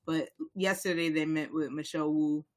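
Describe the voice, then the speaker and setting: A man's voice: on the high side, steady tone, normal speed. Impassioned young man. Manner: impassioned, rambling, many restarts. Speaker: podcast co-host. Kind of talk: casual chat.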